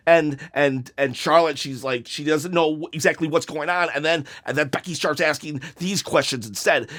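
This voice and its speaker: A man talking casually and animatedly as a wrestling YouTuber, pitching match ideas with frequent restarts and laughs. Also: moderate pace, few pauses, a bit bright. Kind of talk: casual fantasy-booking commentary.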